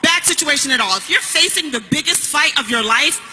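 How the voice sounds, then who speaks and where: A woman speaking from a stage with a high, very bright and forceful voice. She delivers a punchy motivational speech, hammering each point and rising into shouts. Faint music sits behind her. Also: lively intonation, fairly quick, long reverb tail, poor audio. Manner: emphatic, punchy, building to shouts. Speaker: network marketing speaker.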